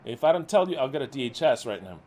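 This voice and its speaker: Very animated and fast, the middle-aged ministry leader lays into his followers with swearing and exasperation. His voice jumps between booming outbursts and low muttering.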